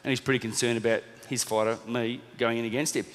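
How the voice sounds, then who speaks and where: An Australian man in his thirties tells a story from the stage at a seminar. He speaks quickly and acts out the voices of the people in his story. His voice rings out with the long reverb of a large hall. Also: mid-range voice. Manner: animated storyteller, acts out quotes. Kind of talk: storytelling talk to a live audience.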